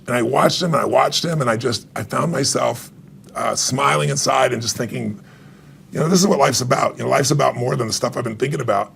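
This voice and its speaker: Gravelly, husky middle-aged man telling a story. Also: medium pitch. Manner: animated, acts out quoted dialogue, laughs often. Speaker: author and guest. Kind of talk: emotional storytelling in conversation.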